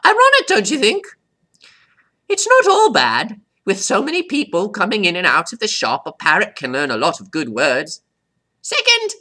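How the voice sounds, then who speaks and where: A man voicing a cocky, hot-tempered male pet parrot who teaches vocabulary, boasting and stopping to define words, with squawky high jumps on "right?". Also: bright, forceful tone, full character voice. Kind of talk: scripted vocabulary lesson.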